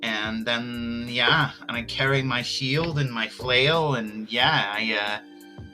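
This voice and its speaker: A man with a bright, forceful voice stumbles through his introduction, unsure what to say. Faint music plays behind him. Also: medium pitch, slow pace. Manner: hesitant, stumbling over words. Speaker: player.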